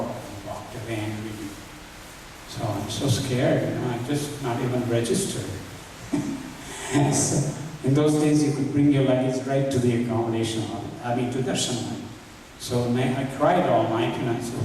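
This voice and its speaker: A man's voice: mid-range voice, fairly even intonation, moderate pace, a little mellow. A man giving a devotional talk, earnestly telling personal stories and acting out remembered dialogue, recorded from far off in a large hall. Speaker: devotional speaker. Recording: echoey hall from far off, faint hiss.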